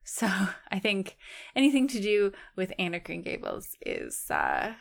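A woman's voice: mid-range voice, wildly swooping pitch, a little slow, gravelly. A young Canadian woman co-hosting a podcast, chatting in an upbeat, agreeable way and often laughing. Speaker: podcast co-host. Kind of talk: casual podcast chat.

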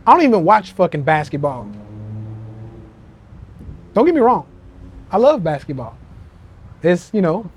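Give me a high-pitched man hosting a profane live rant, repeating himself for emphasis. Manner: animated acted-out quotes. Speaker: podcast host. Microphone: phone.

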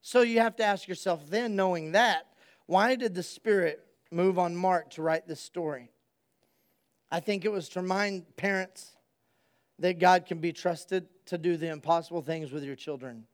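A man preaching a sermon, swinging from hushed storytelling to loud, excited preaching. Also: sits high, moderate pace, clean tone. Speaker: pastor.

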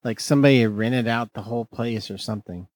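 A man's voice: medium pitch, quick pace, darkish tone, no room sound, rough recording. Rambling man on a beer podcast. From Fresno, California. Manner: rambling, filler-heavy, jokey silly voices. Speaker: podcast co-host. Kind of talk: casual beer podcast chat.

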